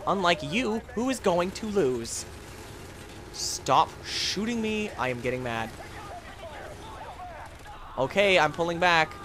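A man hosting a let's play, commentating his own game with excitable jokes and yelps. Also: a little high, unhurried, long pauses, background noise. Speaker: gaming channel host.

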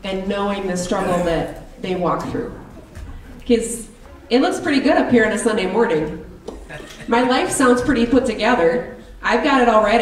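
Earnest woman preaching in echoey church. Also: mid-range voice. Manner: earnest, personal, slow and reflective. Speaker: lay preacher. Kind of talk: sermon. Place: church sanctuary. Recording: roomy church hall, distant mic.

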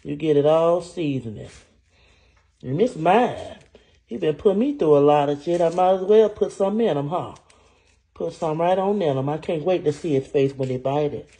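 Man playing a vengeful cheated-on wife, sassy comedy skit, calls viewers honey, warm voice, slightly high. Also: animated, moderate pace. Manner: sassy, talks straight to viewers with "y'all" and "honey". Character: scorned vengeful wife cooking for her cheating husband. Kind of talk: comedy skit cooking monologue.

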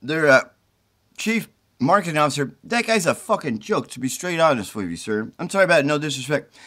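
Worn out and sick with the flu, a middle-aged man records himself at his mother's home, congested and tired, ranting and pleading at the camera while swearing. His voice is slightly high and fairly bright, and his rambling delivery is animated, brisk, and agitated.

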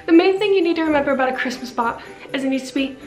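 This young adult vlogger's voice sits high with a darkish tone, and she races along, rambling with lots of fillers in a bubbly, self-mocking way during a sleepless late night. The poor, reverberant recording carries soft background music, moving from her bedroom to a room with a piano.

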